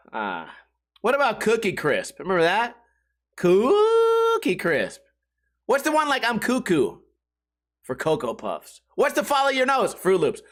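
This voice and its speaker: A man's voice: fairly high pitch, fairly bright tone. A man hosting a solo comedy podcast, rambling and swearing casually and laughing at his own jokes. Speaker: podcast host.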